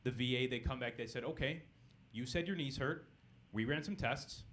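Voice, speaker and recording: A young man performing a stand-up comedy set on a club stage, delivering deadpan punchlines and talking with the crowd. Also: medium pitch, normal speed, slight background noise.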